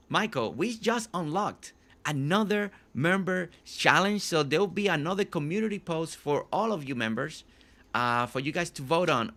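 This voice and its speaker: A man's voice: a little high, fairly bright tone. A man hosting a live game stream, chatting casually with viewers, often repeating and restarting his phrases.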